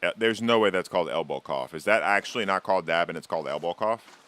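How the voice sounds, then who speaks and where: A man with a low, deep voice talks casually to his chat while he plays a game on a live stream. His talk rambles and teases, with easy swearing throughout. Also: fast, fairly bright tone, no room sound.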